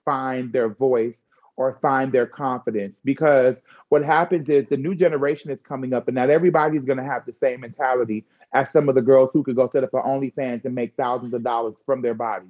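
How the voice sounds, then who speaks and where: A woman talking candidly in a conversational chat, frank and expressive with slangy asides. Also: very deep voice, fairly quick, lo-fi sound.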